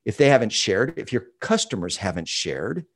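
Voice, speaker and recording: A man's voice: lowish voice, very animated, normal speed. A man, an author and consultant, answering interview questions in an emphatic storytelling way that repeats key phrases.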